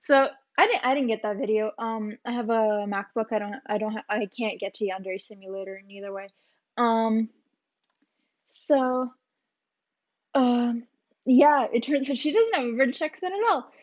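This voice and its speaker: A woman's voice: a little high, moderate pace. A woman YouTuber rambling chattily through a casual vlog at home, with many fillers.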